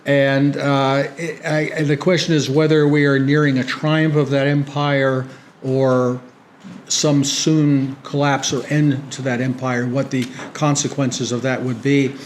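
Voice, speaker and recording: A man's voice: medium pitch, flat delivery, unhurried, a little hiss or hum. A middle-aged American man giving a lecture to an audience, ironic and dry, often restarting his sentences. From United States. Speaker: guest speaker. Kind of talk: public lecture with banter.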